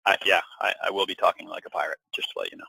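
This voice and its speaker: A man's voice: deep voice, fairly even intonation, racing, vocal fry, pushed and bright, breathy edge, no echo, rough recording. A middle-aged man introducing himself on a business webinar, casual and hesitant with many fillers. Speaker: co-presenter, sales VP.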